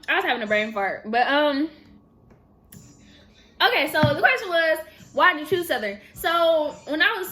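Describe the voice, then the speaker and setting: A young woman in her twenties from the Bay Area, chatting casually and animatedly while answering viewer questions in a vlog. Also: a little high. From San Francisco Bay Area. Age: 20s. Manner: chatty, animated, laughs and trails off. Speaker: vlogger.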